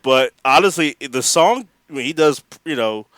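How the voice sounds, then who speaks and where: Male podcast co-host, mid-pitched, dry close sound, lively, laughs a lot. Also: unhurried, no echo. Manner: animated, acts out quotes, laughs often. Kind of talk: casual chat.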